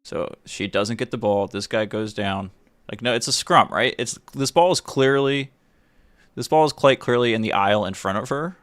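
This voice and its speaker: Man giving animated, profane live commentary. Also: fairly low pitch, normal speed, no room sound. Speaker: live stream host. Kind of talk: casual live-stream commentary over a video.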